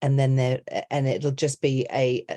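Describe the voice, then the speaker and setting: A middle-aged woman from Liverpool with a Scouse accent and a notably low voice. She talks in a chatty, animated way, like an accent coach explaining her work on a podcast, and often slips into quoted voices. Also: a little slow, no room sound. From Liverpool, England. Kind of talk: podcast interview.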